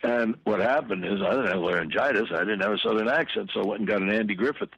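A man's voice: fairly low pitch, fast, vocal fry, a bit bright, highs cut off, a little hiss or hum. An older man, an actor telling rambling stories as a guest in an interview, with many asides and restarts. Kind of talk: casual storytelling.

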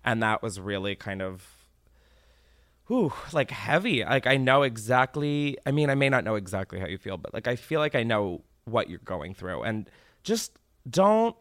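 A man's voice: on the low side, animated, normal speed, fairly bright tone, no room sound, clean studio sound. A man hosting a podcast in casual chat, rambling, laughing often and swearing freely. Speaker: podcast host.

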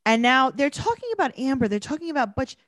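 A woman's voice: fast, dry recording, studio quality. A woman co-hosting a casual chat, recapping scenes and acting out quotes in mimicking voices. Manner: animated, acts out quotes in high mimicking voices. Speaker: podcast co-host recapping a reality show.

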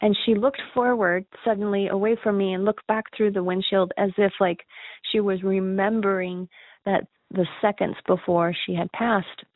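A woman's voice: mid-range voice, fairly even intonation, normal speed, no echo. A woman earnestly recounting a personal ghost encounter, with nervous laughs. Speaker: caller sharing a ghost story. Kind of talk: emotional personal storytelling. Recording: tinny phone line, dry.

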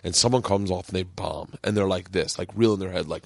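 A middle-aged man hosting a podcast, telling loud stories in casual chat and jumping to high squeaky voices when quoting people. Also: brisk, creaky, dry recording. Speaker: podcast host.

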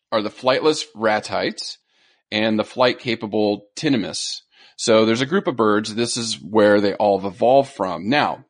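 A man hosting a casual animal podcast, jokey and teasing, telling stories with animated voices. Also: lowish voice, no room sound, clean studio sound. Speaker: podcast host.

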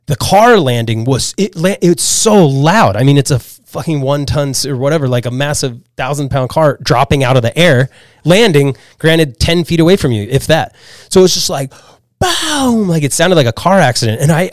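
A man from Pennsylvania telling a story as a podcast guest, animated and full of "like"s and restarts. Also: on the high side, dry recording. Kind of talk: casual storytelling chat.

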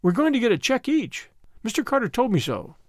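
A playful young woman, teasing and bright, rising high and swooping all over, as a man reads her lines. She sounds like a character in an audiobook read in a dry, close room. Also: big pitch swings, brisk, no room sound, heavily acted.

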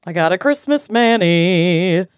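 Lively low-voiced woman co-host. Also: a little slow. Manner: bubbly and self-mocking. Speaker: podcast co-host. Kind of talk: casual chat.

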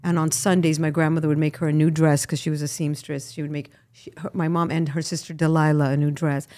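A middle-aged woman from Miami, a guest actress, chatting casually in an interview and telling animated stories with frequent laughs. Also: low-pitched, fast talker. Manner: animated storyteller, laughs often, lively asides.

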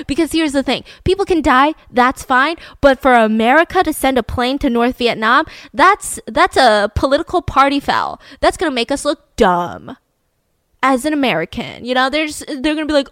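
Animated young woman telling a true story. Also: high-pitched, brisk, no room sound. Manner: animated, slangy, swings between loud and hushed. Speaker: podcast storyteller. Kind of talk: casual storytelling.

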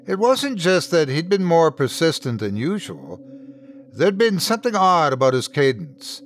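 A man hosting and narrating a scripted horror story in the first person, with lively shifts in tone. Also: a little high, slight background noise. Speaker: host and narrator.

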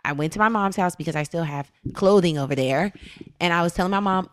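A young woman co-hosting a casual spiritual self-help chat, telling stories in an animated, slangy way. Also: on the low side, fast, dry recording, clean studio sound. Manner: animated storyteller, slangy and laughing. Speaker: podcast co-host.

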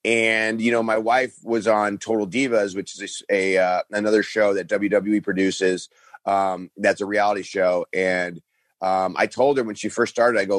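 A middle-aged man telling stories as a guest in a casual interview, animated and acting out quotes in different voices. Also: on the low side, normal speed, dry recording. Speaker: guest, pro wrestling star.

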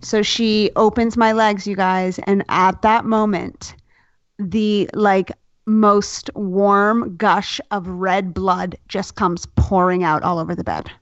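A young woman telling a personal story in casual chat, candid and lively, swearing freely. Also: mid-range voice, takes it slowly, no room sound. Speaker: guest telling her birth story. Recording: dull, dry sound.

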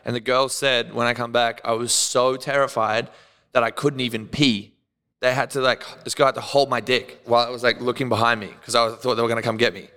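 Bright, crisp Australian man telling wild stories. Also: medium pitch, brisk, long reverb tail. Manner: animated, profane, laughs often, acts out quotes. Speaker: podcast guest. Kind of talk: casual storytelling.

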